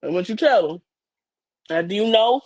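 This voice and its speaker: A young adult woman hosting a podcast talks straight to her listeners with blunt, preachy advice. Her pitch sits in a middle range. The recording is close and dry, with no room sound. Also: animated, moderate pace, darkish tone, dry recording. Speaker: podcast host. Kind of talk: casual chat.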